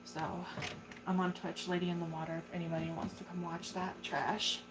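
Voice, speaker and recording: A woman's voice: fairly low pitch, flat delivery, brisk, noisy background. A young woman casually chatting on a livestream while tending her tarantulas, swearing freely and cooing at her spider. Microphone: phone.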